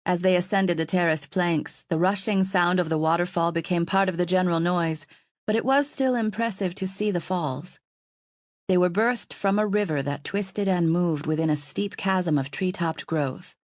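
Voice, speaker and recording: A woman narrating an audiobook in a calm, even storytelling manner. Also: fairly low pitch, moderate pace, no room sound, clean studio sound. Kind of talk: scripted narration.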